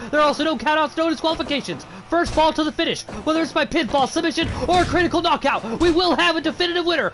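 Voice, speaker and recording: A man calling a wrestling match as play-by-play commentator, excitable and full of exclamations. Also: very high voice.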